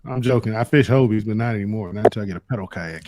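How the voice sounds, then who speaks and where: A man's voice: fairly low pitch, very fast, a crowd in the background. A man hosting a casual show, joking and teasing his guests in slangy banter. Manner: joking, slangy, says "bro" often. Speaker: show host.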